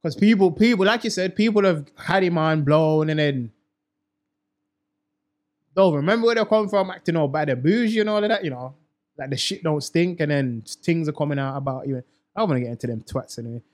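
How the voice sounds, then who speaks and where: A man's voice: on the high side, brisk. A young man, co-hosting a casual chat show, talking in slang and repeating himself for emphasis. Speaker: podcast co-host.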